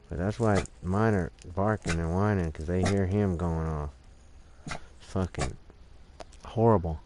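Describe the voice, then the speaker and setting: A man's voice: deep voice, moderate pace, noisy background. A man casually chatting to his viewers during a game stream, rambling and swearing freely about his sore arm. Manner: profane, rambling, talks to chat and his dogs. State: sore right arm, stretching. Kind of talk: casual gaming stream chat. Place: home, dogs barking nearby.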